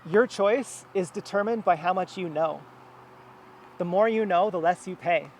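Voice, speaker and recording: Man, high voice, rambling monologue, restarts and fillers, faint street noise outdoors. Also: moderate pace. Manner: meandering, many fillers and restarts. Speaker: vlogger. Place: outdoors near a house.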